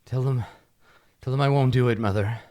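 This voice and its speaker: A man's voice: medium pitch, fairly quick, mellow, no echo, studio quality, pitched above the performer's own voice, close to an everyday voice. A man voicing a confused, sickly young king who pleads that he won't rule. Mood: anguished. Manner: pleading, anguished.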